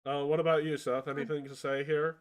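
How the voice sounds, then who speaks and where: Casual male game master, slightly high voice. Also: level tone, fairly quick. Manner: casual, hesitant restarts. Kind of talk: narrating a tabletop game.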